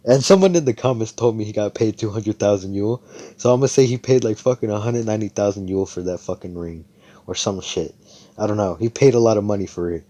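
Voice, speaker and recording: A man's voice: lowish voice, fast talker, dark tone. A young man casually narrating a fan-made story, rambling and swearing, voicing the figures' lines in his own plain voice. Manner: rambling and profane, with frequent restarts.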